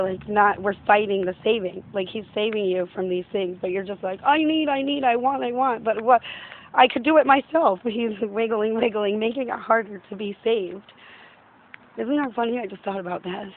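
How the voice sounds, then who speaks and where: A woman rambles through a personal faith reflection outdoors, looping back on herself with constant "like" and quick laughs. Her voice sits at an ordinary middle pitch for a woman. It comes through narrow and tinny, like a phone line. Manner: meandering, heavy use of "like", frequent laughs. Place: outdoors in a yard.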